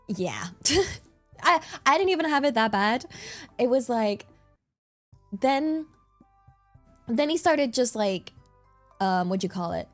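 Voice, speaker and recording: Rambling woman streamer, giggly. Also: mid-range voice. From England. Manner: chatty, rambling, laughs often. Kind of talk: casual chat.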